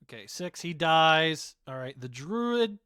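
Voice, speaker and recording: A man runs a tabletop game, taking his time with the narration and pausing on fillers. His voice comes through smooth and resonant, recorded close and dry with no room sound. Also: fairly high pitch, very animated, pushed and bright, no echo. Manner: unhurried, filler-heavy narration. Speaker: game master.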